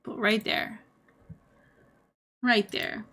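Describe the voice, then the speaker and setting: Young woman streamer, bright and a bit high, animated casual commentary with frequent laughs. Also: very slow, breathy edge.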